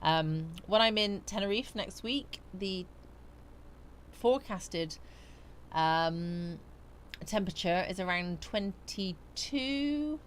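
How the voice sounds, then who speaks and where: Speaking slowly in an expressive, medium-pitched voice, a West Country woman hosts a live chat stream from a small home studio, with slight background noise. She yawns sleepily while greeting viewers by name and answering their comments.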